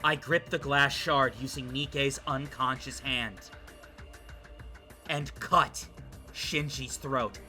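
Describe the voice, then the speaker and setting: A man reading as a hushed, brooding girl narrator. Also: fairly even intonation, takes it slowly, pauses often, soft background music. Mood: grim. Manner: low, hushed, solemn reading. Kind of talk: reading game narration aloud.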